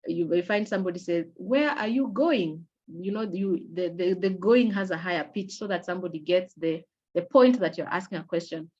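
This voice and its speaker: A middle-aged woman with a fairly low voice presents an online awareness lecture. She explains things patiently and stops often on fillers and false starts. Her audio comes through a video call and sounds dull and lo-fi. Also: steady tone, darkish tone. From Kenya. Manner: measured, explanatory, with frequent fillers and restarts. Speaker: webinar presenter.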